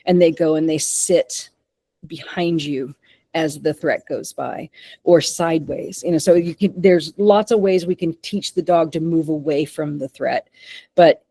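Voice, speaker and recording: Lively woman teaching dogs, low dry voice. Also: unhurried, no room sound. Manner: animated, often checks in with "okay?" and "right?". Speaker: dog behavior trainer. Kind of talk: webinar teaching. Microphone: remote call microphone.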